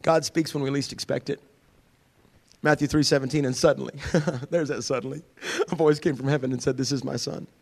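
A middle-aged man preaching a sermon in a church, animated and humorous, jumping from shouts to hushed whispers and acting out voices. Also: mid-range voice, brisk, vocal fry, long reverb tail. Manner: acts out quoted voices with humor. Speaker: pastor. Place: church sanctuary.

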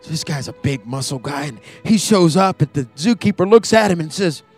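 High-voiced male preacher, dramatic storytelling. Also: lively intonation, fairly quick, slightly rough, soft background music. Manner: dramatic storytelling, builds to loud peaks. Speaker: campus ministry preacher. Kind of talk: sermon. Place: church.

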